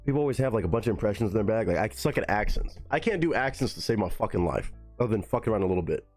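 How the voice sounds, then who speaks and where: A man's voice: lowish voice, animated, very fast, a little mellow, soft background music. A young man chatting casually on a live stream, loose and profane, musing aloud as he goes.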